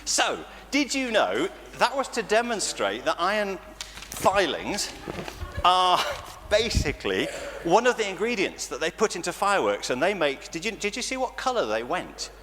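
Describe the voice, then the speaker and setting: A lively English man speaks in a fairly high, bouncing voice as he gives a playful children's talk in church. His words ring out with a long church reverb over a faint hiss of background noise. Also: moderate pace. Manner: animated and playful, laughing often. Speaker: church leader.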